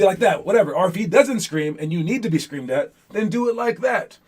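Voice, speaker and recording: A man's voice: sits high, expressive, fairly quick, a little mellow, a little hiss or hum. A young man coaching young basketball players in a casual, rambling motivational talk full of fillers and restarts.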